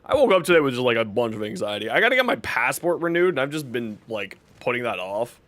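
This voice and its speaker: A man's voice: mid-range voice, big pitch swings, fast talker, a bit bright. A man hosting a casual game livestream, greeting viewers by name and joking as he plays. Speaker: livestream gamer.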